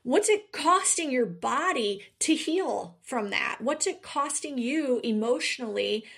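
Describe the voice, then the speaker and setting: A woman's voice: high voice, expressive, measured pace, vocal fry, fairly bright tone, husky. A woman co-hosting a casual podcast chat, emphatic and full of rhetorical questions, laughing often. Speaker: podcast co-host.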